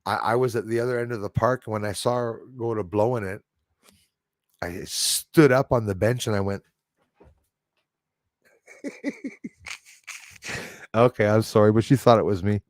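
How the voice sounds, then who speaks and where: A man's voice: fairly low pitch, brisk, no echo, clean studio sound. A man hosting a live stream, reading viewer comments aloud and rambling in casual, loose chat, laughing often and trailing off mid-thought. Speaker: livestream host reading chat.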